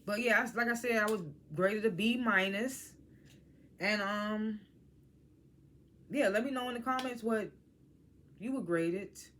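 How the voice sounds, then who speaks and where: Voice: mid-range voice, measured pace, pauses often, slight background noise. A vlogger giving a casual, blunt spoken review of a reality TV episode, using speech and acting out what the cast said. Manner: animated, blunt, swears freely, quotes cast members.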